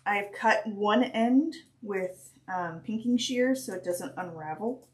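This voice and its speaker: A craft teacher with a mid-range voice teaches a stitching project on a live stream. She talks slowly and hesitantly as she works, with many pauses and restarts.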